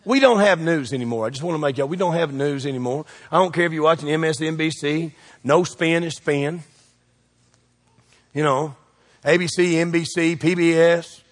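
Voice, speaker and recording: High-voiced preacher in a hall. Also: male voice. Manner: preachy and joking, quick shifts in loudness, call-and-response questions. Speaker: pastor. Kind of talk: sermon.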